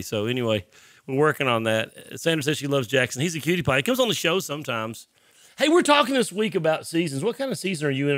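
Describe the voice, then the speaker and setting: A man hosting a Christian show, talking casually and teaching, congested and often clearing his throat. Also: on the high side, fairly bright tone. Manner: chatty, self-deprecating, throat clearing. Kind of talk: casual sermon talk.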